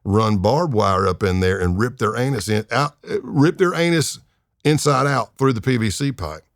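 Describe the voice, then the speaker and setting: A man's voice: mid-range voice, normal speed, dry recording, clean studio sound, close to an everyday voice. A man quoting a middle-aged woman who is a meth user, casually and matter-of-factly describing torture she enjoys. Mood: gleeful. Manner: casual, matter-of-fact about gruesome acts.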